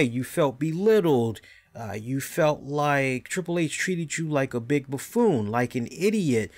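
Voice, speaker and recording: A man hosting a wrestling podcast, ranting casually and profanely, with mocking impressions of the people he talks about. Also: on the high side. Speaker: podcast host.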